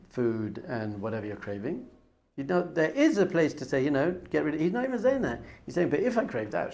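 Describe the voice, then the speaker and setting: Gravelly animated rabbi teaching Torah. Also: male voice, fairly high pitch, slight background noise. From not American. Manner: animated, acts out voices with gasps and whispers. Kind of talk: Torah class.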